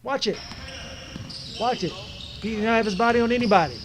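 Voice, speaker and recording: Watching a recording of a basketball game he played in, a man speaks quickly in a high register with noise behind him. Annoyed, he offers lively, coaching-style criticism of his teammates in a casual tone.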